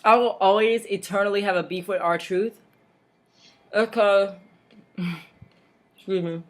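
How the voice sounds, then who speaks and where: A woman's voice: mid-range voice, fairly even intonation, a little slow. A woman hosting a casual home vlog, chatty and rambling, with frequent laughs and mocking asides. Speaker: vlog host. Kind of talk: casual wrestling recap vlog.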